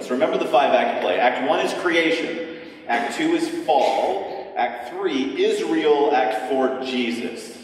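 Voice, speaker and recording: A man giving a sermon at a teaching session, joking at ease at times and at others slowing to repeat his key lines with emphasis. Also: mid-range voice, recorded from a distance, slight background noise. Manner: relaxed joking, then slow emphatic repetition. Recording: echoey hall, speaker away from mic.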